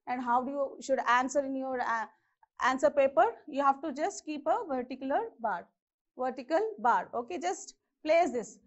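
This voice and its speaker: Indian English woman teacher, high and unhurried, patient drilling of words, dull lo-fi sound. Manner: slow, repeats each word to model its pronunciation. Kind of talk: exam-prep grammar lesson.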